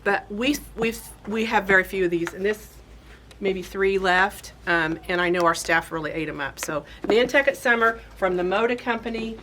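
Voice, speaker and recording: A woman's voice: mid-range voice, normal speed, fairly bright tone, a little hiss or hum. A woman hosting a casual product showcase in a fabric shop, chatty and gushing with enthusiasm. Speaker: quilt shop host.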